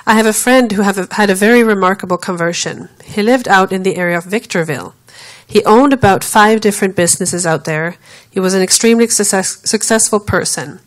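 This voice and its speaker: A woman preacher unfolds a story from the pulpit, narrating at a steady, even pace. She slips into the voices of the people in her tale whenever she quotes them, then returns to plain telling. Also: mid-range voice, brisk, poor audio. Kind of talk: sermon storytelling.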